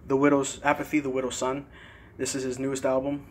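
A young man casually showing his CD collection in a vlog, relaxed and a bit hesitant, pausing over tricky words. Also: mid-range voice, background noise. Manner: relaxed, hesitant with fillers and careful pronunciation. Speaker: vlogger. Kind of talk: casual CD collection show-and-tell.

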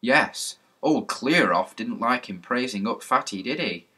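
An earnest, thoughtful schoolboy musing aloud to his friends, as a man reading the story puts him on. Bright in tone with a husky edge. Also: mid-range voice, animated, a little slow, heavily acted. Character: sensible eldest schoolboy, thoughtful.

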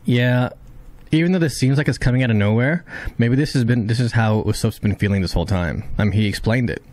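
Reacting to an anime episode, a man gives brisk, excitable, casual commentary. He swears freely, and his voice shoots up high whenever something shocks him.

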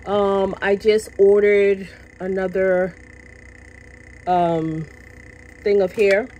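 Woman, casual vlog chat, talking from work, mid-pitched voice, repeats herself, passionate, faint room noise. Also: flat delivery, very slow, poor audio. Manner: chatty, repeats herself, tags lines with "okay?"; passionate, now and then gets loud. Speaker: vlogger. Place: at work, indoors.

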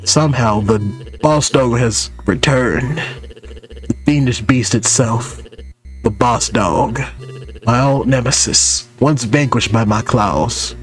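A man voicing a boastful old male cat who spins long, drawn-out tales of his battles. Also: mid-range voice, faint music behind, lightly acted. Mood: boastful storytelling.

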